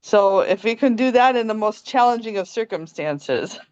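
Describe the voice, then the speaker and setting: A young woman calmly telling a personal story on a video call, gentle and laughing often. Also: a little high, normal speed, smooth, no room sound, dull audio. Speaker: meditation participant sharing a story. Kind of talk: casual spoken testimony on a video call. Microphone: phone camera on a video call.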